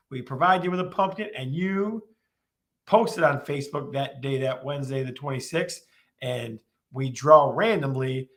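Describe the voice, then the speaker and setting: A man's voice: fairly high pitch, fairly bright tone. A man hosting a live-streamed real estate show, talking with lots of energy and repeating his questions to the viewers.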